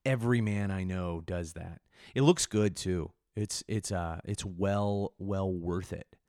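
Man, podcast host, lowish voice, dry close sound, rambling, self-mocking, irreverent. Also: takes it slowly, darkish tone, no echo. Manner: restless delivery with frequent restarts and sudden jumps in energy. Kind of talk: solo podcast monologue.

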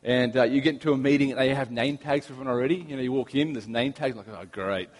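A man's voice: medium pitch, racing. Australian man preaching in a reverberant hall. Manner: relaxed, anecdotal storytelling with humor. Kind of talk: sermon. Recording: long reverb of a large hall.

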